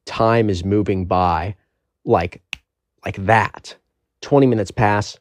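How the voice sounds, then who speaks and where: Low-voiced young man telling a wild story. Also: slow pace, no room sound. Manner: rambling, profane, animated storytelling. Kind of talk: casual storytime monologue.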